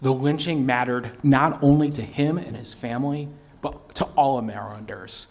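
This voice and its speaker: A man giving formal testimony as a historian, speaking in a measured way and reading quotations aloud. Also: medium pitch, creaky, darkish tone. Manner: measured, quotes sources aloud. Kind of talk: formal public talk with read quotations. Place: public hearing hall. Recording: reverberant hall.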